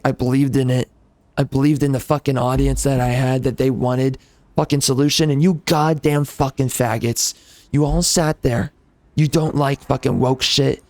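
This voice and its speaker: A man's voice: medium pitch, fairly even intonation, moderate pace, darkish tone, no room sound. A man who hosts a gaming channel, delivering a bitter, profane rant at his viewers. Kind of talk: angry rant to the audience.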